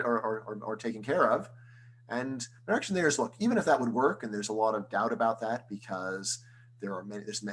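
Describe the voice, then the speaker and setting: A man, an economics professor, giving an online lecture in a conversational style, full of rhetorical questions and quick restarts. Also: mid-range voice, a little hiss or hum, low-quality recording. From United States.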